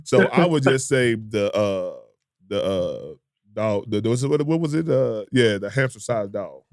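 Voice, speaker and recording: A man's voice: lowish voice, animated, normal speed, dry recording, studio quality. A man hosting a casual podcast chat, reading out would-you-rather questions in a laid-back, profane way and laughing often. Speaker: podcast host.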